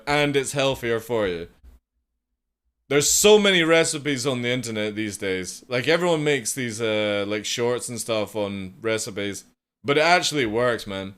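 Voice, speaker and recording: A young British live streamer chats casually with his viewers, rambling, swearing freely, and reading chat aloud. His voice sits on the high side, slightly bright, with a clear, resonant tone.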